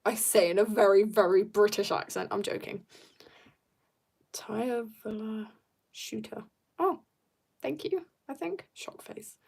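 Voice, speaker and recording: A woman's voice: medium pitch, big pitch swings, normal speed, vocal fry, darkish tone, slightly rough. A young woman chatting casually while drawing on a livestream, bubbly and joking as she reads viewer comments. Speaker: art livestreamer.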